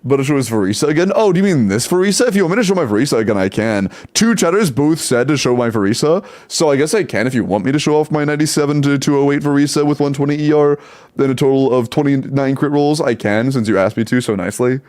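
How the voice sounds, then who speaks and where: Young male streamer, mid-pitched, casual and chatty, quick with numbers, laughs easily. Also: darkish tone. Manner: chatty, laughs often, rattles off game stats. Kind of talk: casual live-stream chat.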